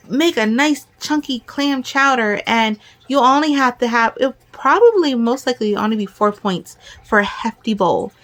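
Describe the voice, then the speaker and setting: Excitable rambling woman vlogger. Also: a little high. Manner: excitable, rambling, talks fast and jumbles. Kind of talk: casual chat to camera.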